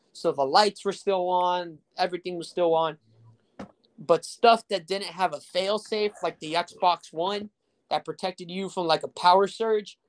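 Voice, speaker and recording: A young man from South Texas hosting a casual podcast, telling crude, rambling stories full of fillers and jokes. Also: on the high side. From Rio Grande Valley, Texas. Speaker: podcast host.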